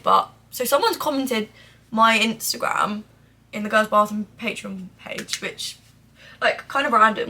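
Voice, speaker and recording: A young beauty vlogger chats casually while doing her makeup in a get-ready-with-me video, rambling with plenty of "like" and the odd swear word. Her medium-pitched voice is unhurried, gravelly, bright and forceful, dropping to a mutter as she applies products. There's slight background noise.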